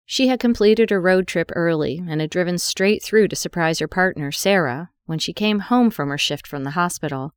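A woman narrating an audiobook story in an even, measured way. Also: on the low side, clean tone, no room sound, studio quality.

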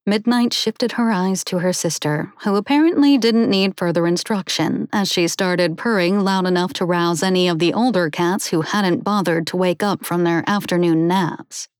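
A woman narrating a children's animal story in a steady, even reading voice. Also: lowish voice, moderate pace, hardly any pauses, clean tone, no echo, studio quality.

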